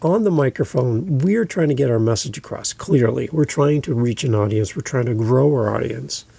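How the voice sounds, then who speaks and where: Gravelly-voiced man coaching podcasters. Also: medium pitch, lively intonation, mellow, no echo. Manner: deliberate, coaching, repeats key points. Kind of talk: instructional podcast talk.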